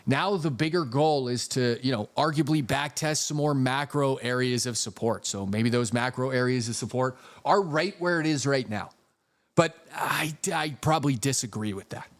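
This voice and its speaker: A man hosts a casual trading live stream, walking through charts and thanking viewers for super chats. He swears freely and jokes as he goes. His voice sits at an ordinary pitch for a man. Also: moderate pace. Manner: profane, jokey, reads super chats aloud.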